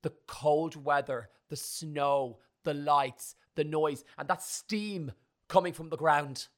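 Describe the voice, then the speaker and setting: A young man hosting a casual chat, teasing and animated as he tells stories. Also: on the high side, slow pace. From Ireland. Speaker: podcast host.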